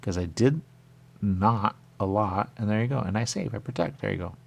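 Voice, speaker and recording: A man's voice: fairly low pitch, expressive, normal speed, creaky, highs cut off. A man on a radio talk show, musing aloud in a repetitive, meandering solo monologue.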